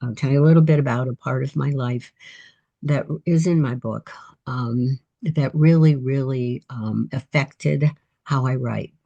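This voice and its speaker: Octogenarian woman author, husky and mellow voice, telling reflective, encouraging stories in a casual interview. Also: a bass voice, steady tone, measured pace, dull audio. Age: 80s. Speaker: author guest.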